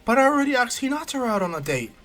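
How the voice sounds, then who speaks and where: A man voicing an excitable young male ninja hero, yelling in a raised, flustered voice. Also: measured pace. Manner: high-pitched, loud, flustered yelling.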